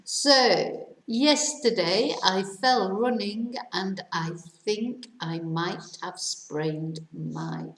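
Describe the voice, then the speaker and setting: A British woman teaching English, reading quiz sentences aloud slowly and carefully with countdowns. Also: medium pitch, gravelly, a bit bright, reverberant, poor audio. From Britain. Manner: careful slow dictation with countdowns.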